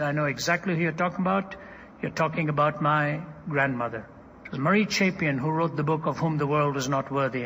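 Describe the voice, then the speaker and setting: An older man preaching a sermon, telling stories dramatically and swinging from hushed to loud, recorded in a large hall. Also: on the high side, a little hiss or hum.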